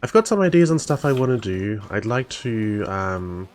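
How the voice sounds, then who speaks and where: A man's voice: on the low side, big pitch swings, moderate pace, soft background music. A man chatting casually as a streamer while playing a modded game, wry and talkative. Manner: wry, chatty, mildly indignant asides. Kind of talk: casual live-stream chat over gameplay.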